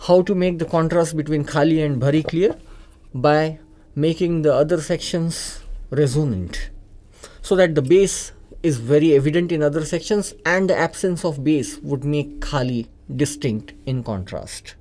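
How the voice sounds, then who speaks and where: A man with an Indian accent, calmly and methodically explaining tabla technique in a music lesson, repeating the key points. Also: a little high, normal speed. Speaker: tabla teacher. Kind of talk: instructional explanation. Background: tabla playing.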